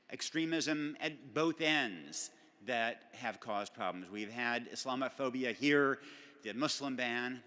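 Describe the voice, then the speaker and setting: A man's voice: mid-range voice, sharp tone. Man speaking in a reverberant hall. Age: middle-aged. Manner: conversational, self-deprecating with frequent fillers and restarts. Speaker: award recipient giving a speech. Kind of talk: formal acceptance speech. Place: large banquet hall at a benefit dinner.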